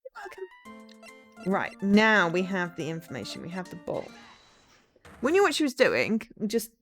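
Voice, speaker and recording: A woman streaming a game, reading its dialogue aloud and chatting along in an animated way. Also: medium pitch, moderate pace, soft background music.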